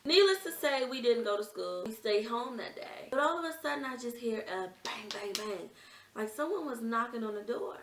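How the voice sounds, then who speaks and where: A woman's voice: on the high side, animated, normal speed, fairly bright tone, distant mic, slight background noise. A young woman vlogger earnestly telling a personal story in a conversational, emotional way. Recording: echoey room, off-mic.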